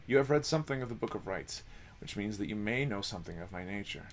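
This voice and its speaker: A man voicing a solemn male minstrel, speaking slowly and formally with small stumbles. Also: lowish voice, lively intonation, a little hiss or hum, lightly acted. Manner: slow, formal, hesitant. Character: solemn, soft-spoken male wandering minstrel.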